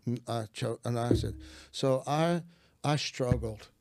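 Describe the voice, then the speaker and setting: A man's voice: mid-range voice, measured pace, darkish tone, dry recording, studio quality. An older man, a minister, earnestly telling a personal testimony in conversation and acting out his prayers. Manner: earnest storytelling, acts out prayers.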